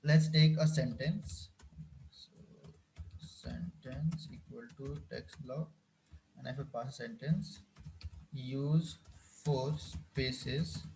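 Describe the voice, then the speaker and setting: A man's voice: medium pitch, takes it slowly, a little mellow, slight background noise. A man teaching a live coding class, often repeating phrases and checking whether his students follow. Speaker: instructor.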